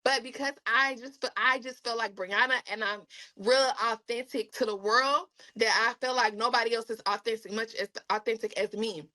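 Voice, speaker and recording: A woman being interviewed as an influencer, chatting casually and telling animated stories, often slipping into playful voices and laughing. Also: fairly high pitch, normal speed, poor audio.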